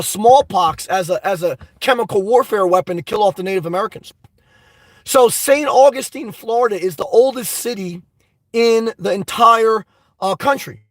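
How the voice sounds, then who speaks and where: A man hosting a live stream, reading viewer chat and ranting excitedly with lots of cursing and rambling fillers. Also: sits high, no room sound, poor audio.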